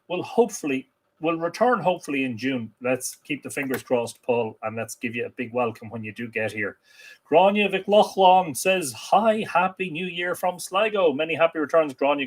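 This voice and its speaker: An Irish man with a slightly high, somewhat rough voice hosts a casual livestream. He reads viewer comments aloud and greets people in a chatty, welcoming manner.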